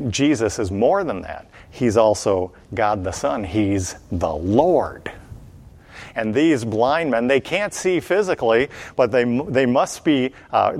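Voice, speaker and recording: A man preaching a Bible teaching sermon, emphatic, asking his listeners questions and slowing down, dropping low on key phrases. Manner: addresses listeners with questions and a quiz.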